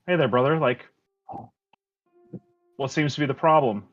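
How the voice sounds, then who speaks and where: A man's voice: mid-range voice, moderate pace, dull audio, soft background music, close to an everyday voice. A man playing a casual, street-smart woman healer in a tabletop game, drawling easily. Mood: easygoing.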